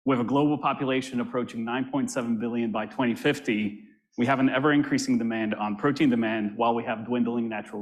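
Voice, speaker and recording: Man giving formal panel opening remarks. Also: mid-range voice. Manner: measured, formal with some restarts. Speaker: panel moderator.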